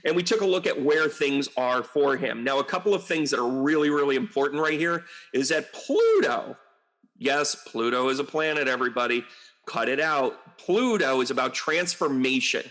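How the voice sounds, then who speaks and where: A middle-aged American man who works as a medium and astrologer talks to camera in a casual monologue that rambles, full of fillers and asides. His mid-range voice is animated and a bit bright, at a moderate pace.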